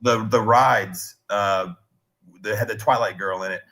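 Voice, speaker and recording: A man's voice: on the low side, fairly even intonation, a little slow, pushed and bright. A man in his thirties chatting casually on a stream, telling rambling, digressive stories with restarts. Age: 30s.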